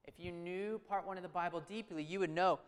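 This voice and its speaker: Male pastor, chatty sermon delivery, smooth voice, long hall echo. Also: sits high, fairly even intonation, fairly quick. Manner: conversational, asks the audience questions, loose restarts. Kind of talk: sermon with scripture reading.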